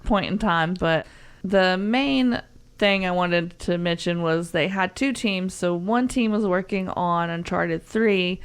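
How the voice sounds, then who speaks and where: A young Southern woman co-hosts a casual podcast, her low voice smooth yet gravelly at the edges. She chats in a rambling way, full of fillers and little laughs. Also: takes it slowly. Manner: chatty, giggly, rambling with fillers. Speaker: podcast co-host.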